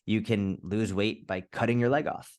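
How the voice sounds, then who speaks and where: A man's voice: lowish voice, fairly even intonation, darkish tone. A man being interviewed as a fitness coach, speaking casually and candidly, swearing now and then and acting out little scenarios. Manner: candid, swears, quick restarts, acts out scenarios. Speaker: fitness coach, podcast guest.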